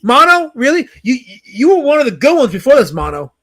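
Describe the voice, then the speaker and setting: A man's voice: very high-pitched, big pitch swings, a little mellow, husky. A man hosting a livestream in casual banter, ranting in mock outrage and answering the chat. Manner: indignant, mock-outraged rants; fast, restless, talks back to chat. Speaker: livestream host.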